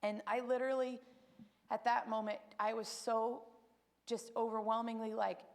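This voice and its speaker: Emotional woman with gravelly voice. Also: fairly high pitch, normal speed. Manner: emotional, animated storytelling with acted quotes. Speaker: testimony speaker at church. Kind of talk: spoken personal testimony.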